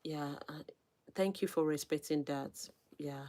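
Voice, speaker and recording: A woman hosting her own livestream, reading viewer comments and giving shout-outs in a soft, unhurried way that sometimes drops almost to a whisper. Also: deep voice. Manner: reads viewer names, gives shout-outs.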